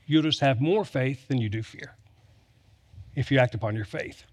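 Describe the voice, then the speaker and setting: A man's voice: mid-range voice, moderate pace. A man preaching a sermon, telling stories with humor and repeating lines for emphasis. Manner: storytelling with humor, emphatic repetition. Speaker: pastor.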